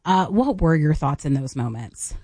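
A woman's voice: low voice, animated, moderate pace, mellow, dry recording. A young adult woman hosting an interview, affirming and encouraging her guest. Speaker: host. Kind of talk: podcast interview.

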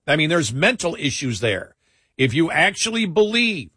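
A man from New York co-hosting a talk radio show, arguing in an animated way and acting out mocking quotes. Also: high-pitched, moderate pace, slightly rough, dry recording, clean studio sound. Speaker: radio co-host.

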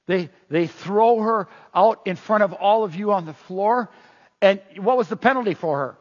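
High-voiced husky male preacher. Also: moderate pace. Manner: animated, rhetorical questions, acts out quotes. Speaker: pastor. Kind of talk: sermon. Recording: echoey hall, dull lo-fi sound.

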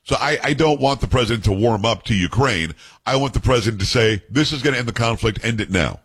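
A man hosting a talk radio show from a studio, reading news out loud and giving blunt opinions on it. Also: medium pitch, fast talker, breathy edge. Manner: blunt, reads news aloud and editorializes.

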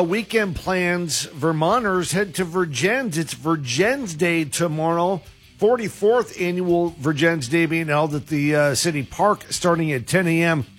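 A man's voice: fairly high pitch, breathy edge. A man working as a classic rock radio DJ, chatting in a laid-back way between songs. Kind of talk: radio DJ patter.

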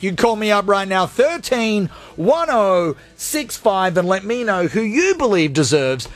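A man hosting a call-in radio segment, ranting with energy and then talking softly and from the heart. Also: sits high, measured pace, hardly any pauses, faint music behind. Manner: energetic, rants loudly, then goes soft and heartfelt. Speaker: radio host.

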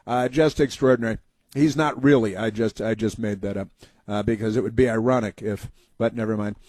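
A man's voice: fairly low pitch, fairly even intonation, a little fast, darkish tone, no echo. A man hosting a talk radio show, delivering sarcastic, mocking commentary full of "uh" fillers.

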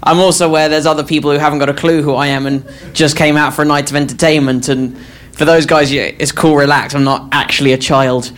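Young comic greeting a club crowd. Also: male voice, a little high, level tone, fast, fairly bright tone. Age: 20s. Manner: friendly, self-deprecating crowd work. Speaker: stand-up comedian. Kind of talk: stand-up comedy opener. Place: comedy club stage before a live audience. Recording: live club recording with clear noise.

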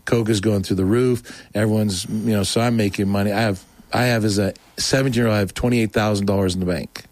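A man telling his personal story in a casual, animated way, acting out quoted dialogue with many restarts. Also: fairly low pitch, fast talker, no echo.

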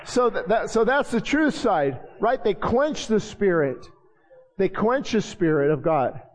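A man's voice: high-pitched, big pitch swings, unhurried, big-room sound. A man preaching a sermon as pastor, fervent and repeating his phrases. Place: church sanctuary.

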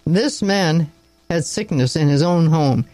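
A man reading as a sharp, contemptuous young doctor. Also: a little high, expressive, takes it slowly, dry recording, faint music behind. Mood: angry. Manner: sharp, clipped, cutting. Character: weary, contemptuous young male country doctor.

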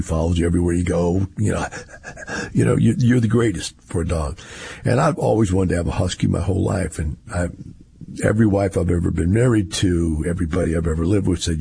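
A man's voice: sits low, fast, vocal fry, warm tone, a little hiss or hum. A man, rambling through a casual monologue in a folksy storytelling way.

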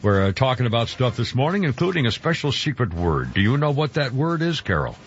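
A radio host with a medium-pitched, very animated voice talks a little fast in casual banter, rambling and chuckling and tripping over his words. The broadcast sounds dull, with a slight hiss or hum.

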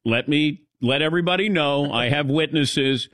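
A man's voice: on the high side, moderate pace, a bit bright, no room sound. A man hosting a sports talk radio show, teasing his crew in casual studio banter. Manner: dry teasing, laughs often.

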